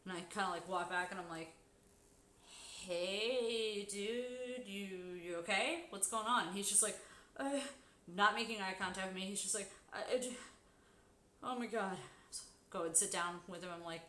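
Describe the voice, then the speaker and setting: A woman telling a story in casual chat while sewing on a live stream, swearing freely and bursting into loud, high exclamations. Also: brisk, slight background noise. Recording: echoey room.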